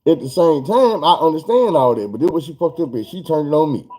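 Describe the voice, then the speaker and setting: A man telling a story in a casual vlog, animated and profane. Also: a little high, a little fast, hardly any pauses.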